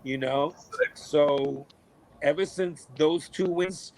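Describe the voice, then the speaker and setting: A middle-aged man, a podcast guest, telling stories in a casual, animated way, cursing freely and acting out what people said. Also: mid-range voice, takes it slowly, rough recording. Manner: animated, swears a lot, acts out quotes. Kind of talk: casual storytelling.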